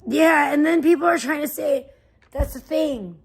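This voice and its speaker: A woman livestreaming, ranting in a profane, defensive way that swings between muttering and loud outbursts. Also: sits high, moderate pace. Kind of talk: casual livestream rant.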